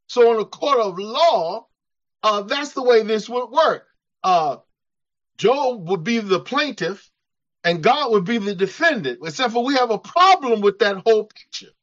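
A man's voice: sits high, lively intonation, unhurried, fairly bright tone. A man preaching a sermon, acting out quoted voices and chuckling as he talks. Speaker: pastor. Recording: dull lo-fi church recording.

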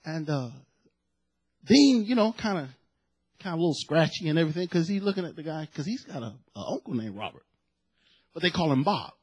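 A man preaching a sermon, telling a family story in a chatty, animated way with asides before reading and explaining scripture. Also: a little high, brisk, pauses often, breathy edge. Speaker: pastor.

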